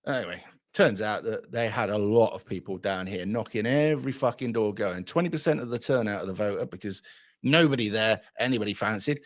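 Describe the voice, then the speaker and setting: A man's voice: medium pitch, expressive, moderate pace. A middle-aged man, ranting bluntly and profanely to camera as a channel host and retelling a pub story. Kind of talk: casual ranting vlog.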